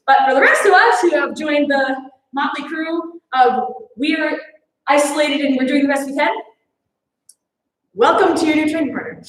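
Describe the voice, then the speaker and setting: A young woman with a high voice runs an online martial arts class, chatty and playful, laughing as she talks. She sounds like she is in a very echoey room at home. The tone is casual instruction rather than scripted. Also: a bit bright, a little hiss or hum. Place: home training space.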